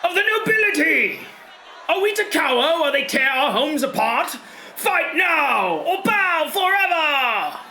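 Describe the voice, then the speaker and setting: Man playing a fiery rebel inciting a mob, high and bright, roomy echo. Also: sing-song, unhurried, a little hiss or hum, exaggerated voice. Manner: urgent, inciting. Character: fierce male rebel firebrand urging a fight.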